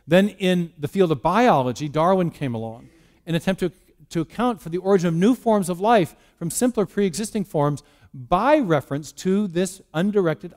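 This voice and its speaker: A man's voice: on the high side, a little mellow. A man giving a public lecture to a live audience in a church, speaking conversationally with frequent ums and uhs. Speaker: guest speaker.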